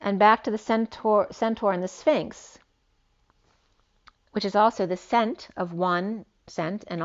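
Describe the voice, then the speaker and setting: A woman's voice: mid-range voice, muffled recording. A woman giving a solo spiritual reading, rambling and free-associating from one idea to the next. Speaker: spiritual reader.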